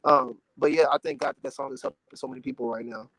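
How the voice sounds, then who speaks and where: A man's voice: mid-range voice, fast, very noisy. A man in his twenties from Dallas, a gospel artist talking in a casual interview, earnest and emotional with lots of "you know"s. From Dallas, Texas. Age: 20s.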